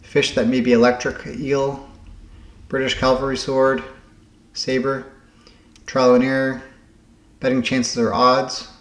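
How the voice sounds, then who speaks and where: A man thinking aloud as he solves word puzzles, halting and correcting himself as he goes. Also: mid-range voice, flat delivery, echoey room. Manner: muttering, halting, self-correcting. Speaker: puzzle game vlogger.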